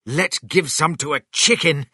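A man voicing an excitable father who cries out his lines eagerly. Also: mid-range voice, slow, dry recording, studio quality, pitched above the performer's own voice, exaggerated voice. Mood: excited.

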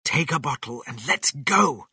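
A man voicing a clever, bold male fox in a storybook reading, speaking with eager emphasis, raised and loud. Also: medium pitch, expressive, a little slow, breathy edge, dry recording, studio quality, voice pushed up, exaggerated voice.

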